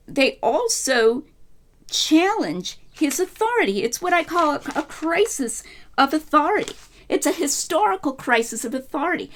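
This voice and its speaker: A middle-aged woman delivers an informal scholarly lecture in a fairly high voice. Her pitch moves a great deal, rising and dipping as she makes her points. She talks loosely, with plenty of fillers and restarts. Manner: animated, conversational, many fillers and restarts.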